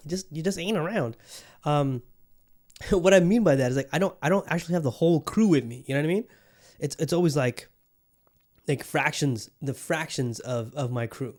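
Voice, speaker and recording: A man's voice: mid-range voice, normal speed, darkish tone. A man hosting a solo podcast in a casual monologue, rambling and restarting his sentences often, loose, joking and profane. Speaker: podcast host.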